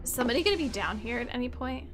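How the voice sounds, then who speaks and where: A woman's voice: on the high side, animated, rapid-fire. A woman hosting a let's play, chatting casually and jokingly sounding out foreign words in mock accents. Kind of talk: casual game commentary. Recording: game music playing underneath. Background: game music.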